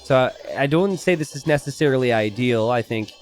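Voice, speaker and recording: Animated man telling a story over gameplay. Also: medium pitch, fairly quick, faint music behind. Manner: animated, chatty, lots of "like" and "right?". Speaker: game commentator. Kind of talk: casual game commentary with storytelling.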